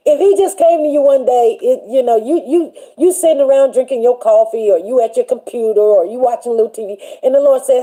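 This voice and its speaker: A woman hosting a casual faith chat on a livestream, animated and chatty, laughing often and greeting viewers by name. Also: fairly high pitch, a little fast. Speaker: livestream show host.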